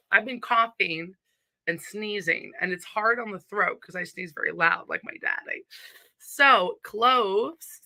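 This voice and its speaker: A woman's voice: fairly low pitch, pushed and bright, slight background noise. A woman with a Southern accent hosting a casual live stream from home, chatty and upbeat as she greets viewers and reads their comments.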